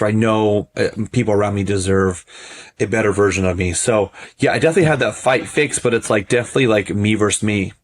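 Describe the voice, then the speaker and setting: Husky low-voiced man speaking candidly. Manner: candid and reflective, many restarts. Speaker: podcast guest. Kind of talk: open personal conversation.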